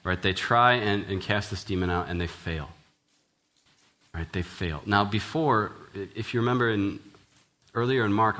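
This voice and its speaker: A man, a church minister, preaching an earnest, conversational sermon, often checking in with "right?" and restarting his sentences. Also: on the low side. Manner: casual, frequent "right?" tag questions and restarts; earnest, ends in quiet prayer.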